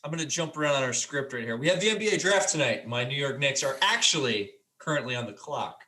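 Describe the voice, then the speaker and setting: A man's voice: medium pitch, animated, fast, bright, forceful tone. A man hosting a casual sports podcast, joking loosely and talking with many ums and restarts. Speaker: podcast host.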